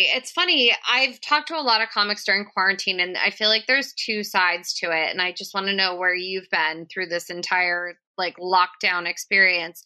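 A woman hosting a casual interview, bubbly with quick asides. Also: mid-range voice, bright, forceful tone. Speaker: podcast host.

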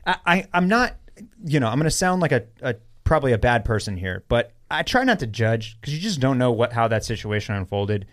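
Animated, rambling male podcaster. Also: medium pitch. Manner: animated, halting restarts, lots of "like". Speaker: podcast co-host. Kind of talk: casual podcast chat.

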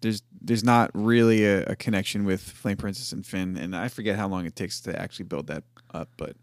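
A man's voice: low-pitched, steady tone, brisk, dry recording, clean studio sound. A man co-hosting a podcast, talking over a cartoon in casual chat and hedging with "like" often. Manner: hesitant, hedging with "like". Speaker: podcast co-host.

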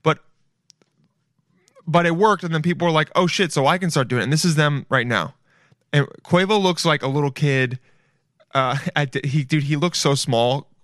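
A man's voice: fairly high pitch, normal speed, pauses often, dry recording, clean studio sound. A man hosting a podcast, riffing in casual comedic commentary, rambling, swearing and calling the listeners "dude". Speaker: podcast host.

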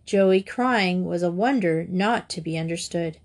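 A woman reading a classic children's novel aloud in a measured storytelling manner. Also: on the low side, darkish tone. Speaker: audiobook narrator.

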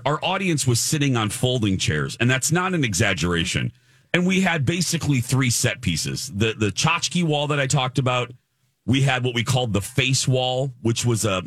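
A middle-aged man hosting a talk show, telling a story in a chatty, animated way and laughing often. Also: mid-range voice, dry recording, clean studio sound. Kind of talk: casual on-air storytelling.

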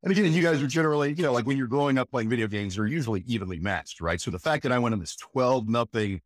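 A man, a voice actor, telling stories in an animated, emphatic way during an interview. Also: mid-range voice, fast, no room sound, studio quality. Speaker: voice actor guest. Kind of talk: enthusiastic interview chat.

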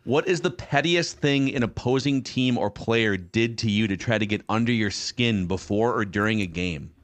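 A man with a lowish voice hosts a casual football podcast. He steers the talk and reads out listener questions in an easygoing way. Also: moderate pace. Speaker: podcast host. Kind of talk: casual sports chat.

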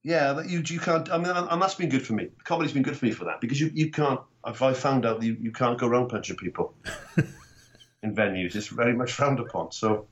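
A Welsh man telling rugby and comedy stories in casual chat, animated and swearing freely. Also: medium pitch, fairly quick, muffled recording. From Wales. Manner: animated storytelling, swearing, acting out quotes. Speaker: guest comedian.

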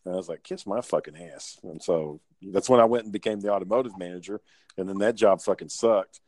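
A man's voice: deep voice, fast, a little mellow, dry recording. A man telling profane, laid-back work stories in casual chat.

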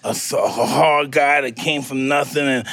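A man's voice: mid-range voice, steady tone, moderate pace, fairly bright tone, no echo. A man hosting a podcast, chatting casually and eagerly, often repeating himself. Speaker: podcast host. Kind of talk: casual chat. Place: studio.

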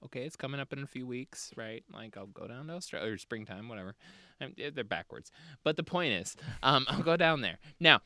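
A man's voice: medium pitch, fairly quick, no echo. A male podcast host in casual chat, swearing freely and laughing as he talks. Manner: animated, swears a lot, laughs often.

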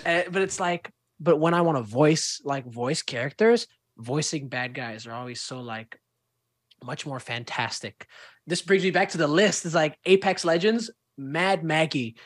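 A young man from Indonesia, a performing arts student, chatting as a podcast guest and telling lively stories with a playful streak. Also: on the high side, a little slow, dry recording, clean studio sound. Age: young adult. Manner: enthusiastic storyteller, slips into playful character voices. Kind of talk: casual podcast interview.

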